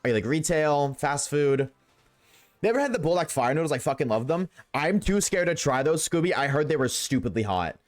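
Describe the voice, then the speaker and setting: A man's voice: a little high, brisk. Blunt, swearing male streamer. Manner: animated, blunt, swears freely; chats with viewers while playing. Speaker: game streamer. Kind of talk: casual rant to live chat.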